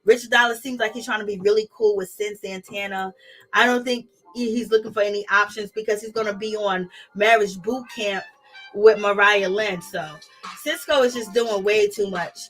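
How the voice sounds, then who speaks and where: A woman's voice: mid-range voice, steady tone, moderate pace, fairly bright tone, soft background music, rough recording. A young woman recapping reality TV in a casual, sassy gossip style, laughing often and mimicking people's lines. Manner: chatty, sassy, laughs often, quotes people in mock voices.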